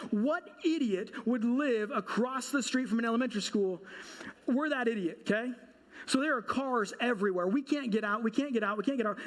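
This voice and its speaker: A pastor with a notably high-pitched voice preaches from the pulpit, telling a comic personal story with lively timing. As this storytelling sermon unfolds, he throws questions out to the congregation.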